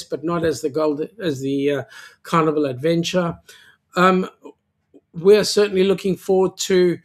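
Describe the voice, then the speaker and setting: Halting man hosting a casual chat. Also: fairly high pitch. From South Africa. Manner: halting, with many filler sounds and restarts; joking and teasing. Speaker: livestream host. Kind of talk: casual livestream chat, reading viewer comments.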